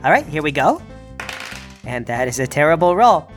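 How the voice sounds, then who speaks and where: Lively, playful woman player. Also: low voice, normal speed, pauses often, soft background music. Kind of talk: tabletop role-play.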